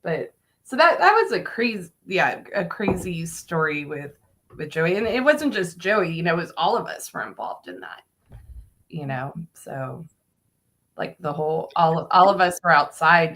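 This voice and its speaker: A woman tells a story casually on a podcast, her voice low in pitch but bright. She is animated and laughs and swears freely as she talks. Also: normal speed. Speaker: guest telling a story.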